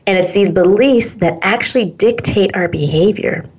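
A woman's voice: mid-range voice, moderate pace, slightly rough, dull audio. A woman hosting a self-help talk show, speaking upbeat and straight to her listeners in a coaching manner. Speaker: host.

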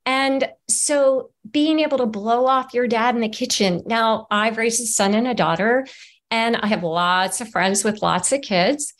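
A woman's voice: on the high side, measured pace. Earnest middle-aged woman on a video call. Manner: earnest and animated, acts out examples. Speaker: author and interview guest. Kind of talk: conversational interview.

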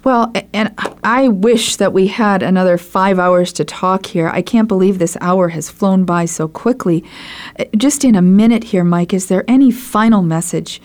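A woman hosting a podcast interview, enthusiastic and effusive, agreeing warmly with her guest and thanking sponsors. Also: medium pitch. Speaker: podcast host.

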